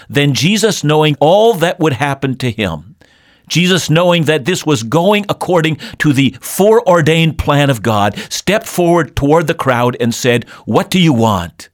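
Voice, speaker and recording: A man's voice: mid-range voice, no room sound, clean studio sound. A man preaching a sermon in an earnest, emphatic way. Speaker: pastor. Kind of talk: radio sermon.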